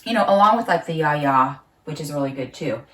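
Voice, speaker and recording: Woman vlogger, casual and chatty, slightly low voice, recorded in a roomy space away from the mic. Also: animated, fairly quick, fairly bright tone. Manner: chatty, thinks aloud, often laughs, talks while eating. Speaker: market gardener vlogger. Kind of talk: casual home vlog. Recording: roomy sound, mic at a distance.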